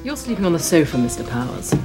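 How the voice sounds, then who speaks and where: An actress playing a prim, stern young female spy who speaks crisply in a film scene. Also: deep voice, very animated, quick pace, music in the background.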